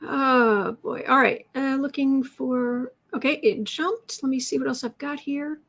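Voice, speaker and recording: Tarot reader host, woman, slightly high voice, loose and chatty, thinks aloud between questions. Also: unhurried. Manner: chatty, reads out questions, talks to her cat in a soft baby voice. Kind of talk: casual livestream chat.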